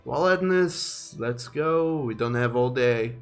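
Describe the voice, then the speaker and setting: A man's voice: mid-range voice, slow, music in the background. A man voicing a curt, impatient male mage who speaks in a dismissive way. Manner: brusque, dismissive.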